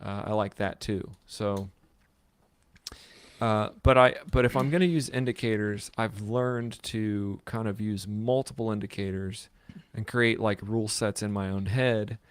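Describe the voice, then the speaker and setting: A man's voice: on the low side, fairly even intonation, measured pace, smooth, no room sound. A man co-hosting a podcast in rambling casual chat, often restarting his sentences. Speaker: podcast co-host.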